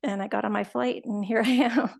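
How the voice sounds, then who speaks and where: A woman, a guest, retelling a personal story in a chatty, animated way with lots of quoted dialogue. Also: a little high, normal speed, vocal fry, slightly rough. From Canada. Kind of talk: casual storytelling.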